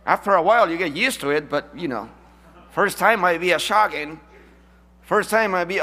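A man preaching a sermon, emphatic, swinging from loud declarations to hushed asides. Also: high voice, animated, normal speed.

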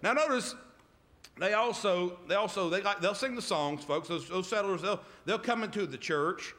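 Bright-voiced preacher man. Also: high-pitched, normal speed. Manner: emphatic call-and-response, repeated "amen?". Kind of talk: sermon.

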